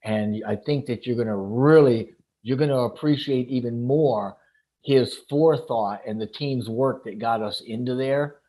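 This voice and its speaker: A man speaking as a guest on a livestream, excited and often searching for words. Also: mid-range voice, unhurried. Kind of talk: enthusiastic casual talk.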